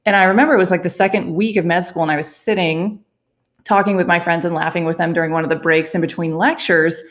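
A young woman tells a personal story in a relaxed, chatty way, her voice sitting a little low for a woman. She laughs often and acts out the lines people said. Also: quick pace. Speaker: physician telling her story.

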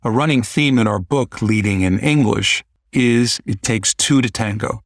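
Guy hosting a podcast, asks calm, earnest questions. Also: lowish voice, unhurried. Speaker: podcast host. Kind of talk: interview questions.

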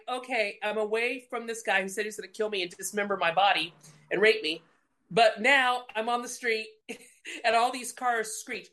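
A middle-aged woman from Colorado, a guest telling a personal faith story and acting out the voices in it. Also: on the high side. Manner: lively storyteller acting out quotes.

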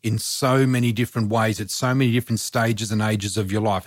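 Earnest man in his sixties, medium-pitched and speaking right into a dry, close mic, podcast guest who turns to the audience with heartfelt encouragement. He talks about spiritual matters in a steady, sincere way. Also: no room sound. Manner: earnest, encouraging, addresses listeners directly. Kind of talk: casual podcast chat.

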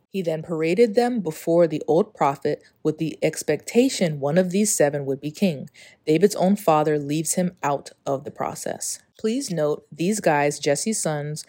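Female podcast host, low pitch, warm mellow tone; reads a passage, then talks off the cuff in an earnest, confessional way. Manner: earnest and confessional, many "like" fillers. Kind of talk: solo spiritual podcast monologue.

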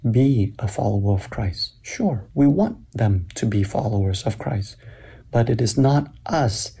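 A man giving a slow, deliberate sermon-style talk at a church summit, explaining scripture with emphatic pauses. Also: lowish voice, animated, creaky, dark tone, breathy edge.

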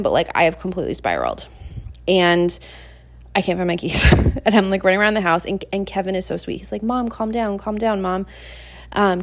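A woman in her thirties hosting a solo talk show, telling a story from her own life. She rambles and fills her talk with "like" and "you know what I mean", and she pokes fun at herself. Her voice sits at an everyday middle pitch. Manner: chatty and confessional, self-deprecating. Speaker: podcast host. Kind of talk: casual solo storytelling chat.

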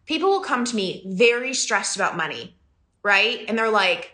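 Bright-voiced, chatty female business coach. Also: a little high, lively intonation, moderate pace. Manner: chatty, laughs often, emphatic. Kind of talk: casual podcast talk. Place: home in the country.

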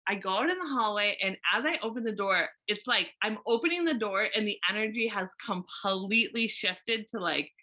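A woman hairstylist telling a story in casual chat, animated and full of "like" and restarts. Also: mid-range voice, unhurried.

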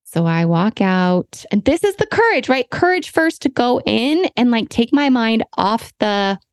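A woman hosting a podcast, telling a personal story in a candid, animated, self-deprecating way. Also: a little high, a little slow, no echo. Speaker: podcast host.

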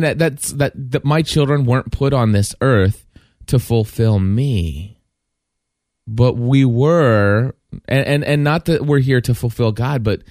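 Middle-aged man, heartfelt and halting, mid-pitched voice, dry close recording. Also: darkish tone, no echo. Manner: halting, many restarts, earnest and heartfelt. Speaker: father sharing a personal faith reflection. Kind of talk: casual spoken reflection.

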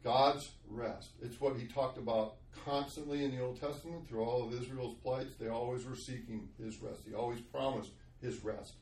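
A man's voice: medium pitch, fairly even intonation, normal speed, hardly any pauses, a little mellow, roomy sound, far from the mic. A middle-aged man sharing a Christian testimony in a conversational podcast, telling his story earnestly. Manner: earnest storytelling, acts out quoted voices.

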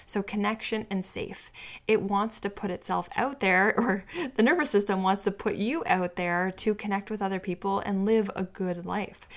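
A woman hosting a solo podcast as a weight-loss coach, explaining in an earnest, teaching way and sometimes acting out what a client's inner voice says. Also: mid-range voice.

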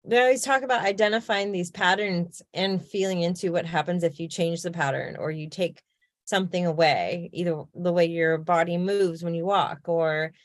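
Woman cohost, lowish voice, thinking out loud, dry close sound. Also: moderate pace, no echo. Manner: reflective, thinking aloud with fillers. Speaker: podcast co-host. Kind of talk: casual chat.

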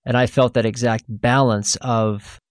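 A man's voice: mid-range voice, fairly even intonation, unhurried, clean tone, dry recording, clean studio sound. A man hosting an interview, chatting casually and praising his guest's work. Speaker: interview host.

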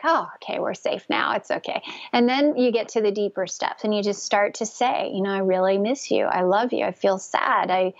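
A woman guest speaking gently and earnestly about spiritual connection, with frequent restarts. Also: fairly high pitch, no echo, highs cut off. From Northern California. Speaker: guest, conception coach. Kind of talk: casual interview talk.

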